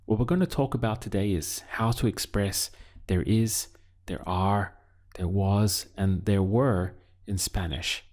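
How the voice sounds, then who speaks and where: A man teaching a Spanish lesson, speaking deliberately and pausing so the learner can answer. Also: on the low side, a little mellow. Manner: slow, deliberate teaching with pauses for learner practice. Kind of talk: video language lesson.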